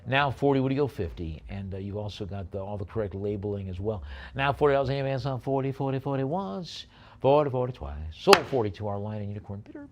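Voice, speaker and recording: A man working as an auctioneer, calling bids briskly and adding chatty asides about each lot. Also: medium pitch, lively intonation, a little mellow, slight background noise. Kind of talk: live auction bid calling.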